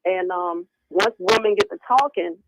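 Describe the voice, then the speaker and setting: A woman guest on a podcast, talking in a casual, animated way and often acting out what other people say, heard over a remote call line. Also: on the low side, moderate pace, rough recording. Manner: animated, acting out quoted voices. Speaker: guest speaker on women's health. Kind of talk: casual conversational interview.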